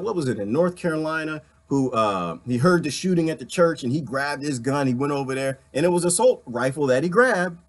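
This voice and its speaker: A man in a casual ranting monologue to viewers, talking into a phone, his voice swinging from loud to soft and breaking into laughs. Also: on the high side. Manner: animated, swings loud and soft, laughs often, talks to chat. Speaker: online talk host.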